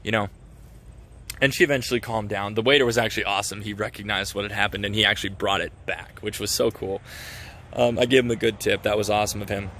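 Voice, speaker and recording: A man's voice: on the low side, steady tone, fast, fairly bright tone, a little hiss or hum. A young man talking casually in a devotional vlog, earnest and self-reflective, with lots of fillers and restarts. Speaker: Christian vlogger.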